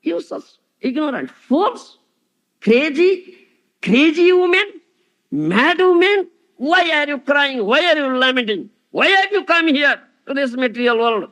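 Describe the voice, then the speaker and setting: A man's voice: extremely high pitch, expressive, moderate pace, a bit bright, pitched above the performer's own voice. A man voicing a stern male sage who scolds grieving women and repeats his insults, within a scripture lecture. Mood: scolding.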